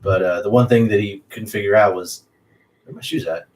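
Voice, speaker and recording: A man's voice: fairly low pitch, a little fast, darkish tone. A man co-hosting a podcast, telling a laid-back anecdote. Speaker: podcast co-host. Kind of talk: casual chat, anecdote. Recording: distant mic with faint background noise.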